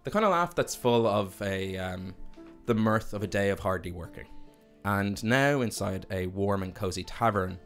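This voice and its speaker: A man's voice: lowish voice, expressive, normal speed, few pauses, soft background music. A man narrating a tabletop fantasy game as game master, telling the scene like a storyteller and laughing often.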